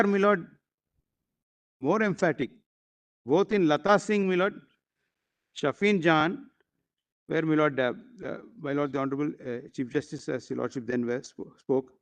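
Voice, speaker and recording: A man arguing a case before judges in a courtroom, formal and deferential, often pausing with fillers. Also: a little high. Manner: formal, constantly addressing the bench, hesitant fillers. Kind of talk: courtroom legal argument.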